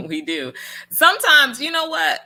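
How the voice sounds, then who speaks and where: A woman hosts a relaxed livestream and talks her viewers through their comments. Her voice is bright and forceful, and she speaks slowly. She cheers people on in a folksy way and laughs often. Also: sits high. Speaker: livestream host. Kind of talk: casual livestream chat answering viewer comments.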